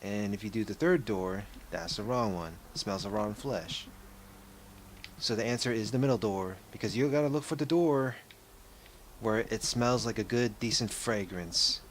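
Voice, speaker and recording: A young man comments casually on his game as he plays. His voice is low and his talk rambles and corrects itself. A faint background noise stays under him. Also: moderate pace. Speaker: let's play gamer.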